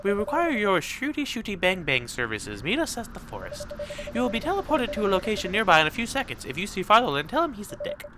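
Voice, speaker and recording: A man voicing a snarky young man in a strained, high, hurried voice, over loud background music. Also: wildly swooping pitch, background noise.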